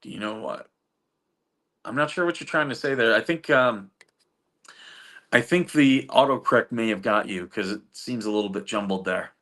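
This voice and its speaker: A middle-aged man hosts a livestream and reads chat, chatting casually and rambling through stories with frequent chuckles and fillers. His voice is on the low side and a bit bright, at normal speed with long pauses.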